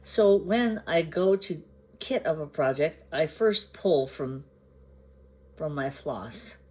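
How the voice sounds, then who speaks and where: A woman crafting vlogger chatting casually to the camera. She shows her projects at an unhurried pace, pausing to gather her thoughts and sometimes asking the viewers questions. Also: low-pitched, expressive, warm tone, slightly rough. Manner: unhurried, chatty, meandering with pauses. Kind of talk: casual show-and-tell chat to camera.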